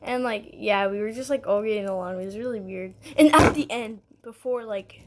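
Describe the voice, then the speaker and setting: This young woman vlogger tells her viewers a story in a rambling, casual, giggly way, leaning heavily on "like" and "um" with little laughs. Her voice is mid-range at a normal speed, with slight background noise.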